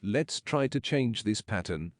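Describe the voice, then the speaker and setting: A man with a lowish voice reads an English lesson at a slow, measured pace. He explains each point plainly. The sound is dry and close to the mic. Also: expressive, no echo. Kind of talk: slow paraphrased lesson narration.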